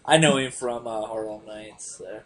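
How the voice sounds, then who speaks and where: Animated, swearing man telling stories. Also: fairly low pitch, moderate pace. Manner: animated, profane storyteller. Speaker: podcast host. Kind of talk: casual chat.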